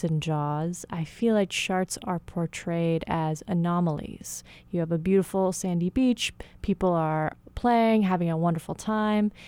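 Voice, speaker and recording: A woman hosting a radio interview, asking measured, thoughtful questions. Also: lowish voice, mellow, dry recording. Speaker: radio host.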